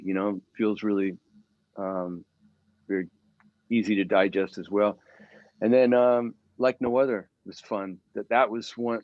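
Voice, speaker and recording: A middle-aged man talks loosely through his recording sessions, with a low voice and plenty of ums and restarts. The sound is dull and lo-fi, as if from a video call, and dry with no room around it. He speaks as a guest in a casual interview. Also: dry recording. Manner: relaxed storyteller, many fillers and restarts. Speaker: guitarist guest.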